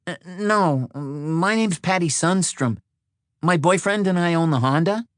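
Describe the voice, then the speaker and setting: A man's voice: a little high, measured pace, dry recording, studio quality, voice pushed up, lightly acted. A man doing a blunt young woman traveler. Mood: guarded.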